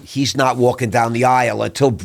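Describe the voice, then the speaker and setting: Gravelly-voiced man telling a story. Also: mid-range voice, fairly quick. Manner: animated storyteller, acts out quoted voices. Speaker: podcast host. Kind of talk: casual storytelling interview.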